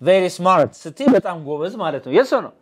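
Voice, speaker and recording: A man's voice: high voice, very animated, very fast. A man with an Ethiopian accent, a native Amharic speaker, teaching an English lesson and coaxing students to repeat words after him. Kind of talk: classroom English lesson, call and response.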